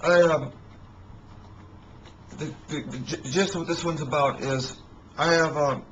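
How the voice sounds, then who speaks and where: A man telling rambling personal stories in a halting way, with many restarts and fillers. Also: fairly high pitch, steady tone, fairly bright tone, dull audio, a little hiss or hum.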